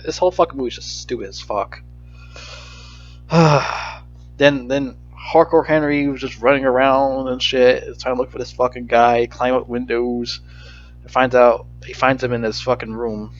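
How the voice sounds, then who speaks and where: A man's voice: medium pitch, steady tone, moderate pace. A man giving a casual, rambling movie review rant, profane and frustrated, in slightly dull lo-fi audio.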